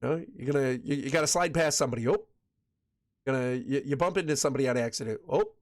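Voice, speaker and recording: A man with a Michigan accent from West Michigan talks fast at medium pitch, with no echo. Streaming a game, he chats casually with his viewers, rambling along and often starting his sentences over.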